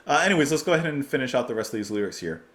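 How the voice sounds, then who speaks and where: A man hosting a music reaction video, talking casually and with excitement, and laughing often. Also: medium pitch, racing.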